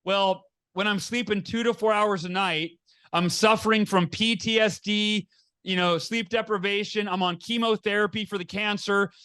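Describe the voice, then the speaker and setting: A middle-aged man speaks as a podcast guest in a high, bright voice. He tells his story with earnest energy, often restarting his sentences and acting out the dialogue he quotes. The sound is a close podcast mic. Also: steady tone, moderate pace, smooth. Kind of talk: candid storytelling in an interview.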